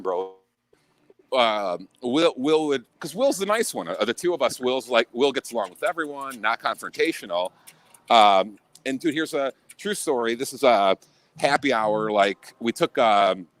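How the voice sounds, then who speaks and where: A man's voice: medium pitch, a bit bright. A man from Illinois talking in a casual chat as a podcast guest, blunt and profane, with many restarts.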